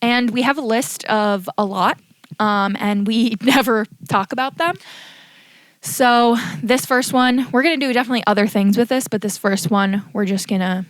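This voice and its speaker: A woman co-hosting a podcast in a quick, agreeable casual chat. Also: a little high, no room sound. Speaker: podcast co-host.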